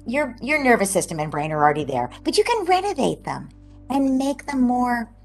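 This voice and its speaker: Brief: woman, psychologist guest, animated explanatory interview answers over a video call. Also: fairly high pitch, moderate pace, soft background music. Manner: animated, explanatory, dips into soft near-whispers.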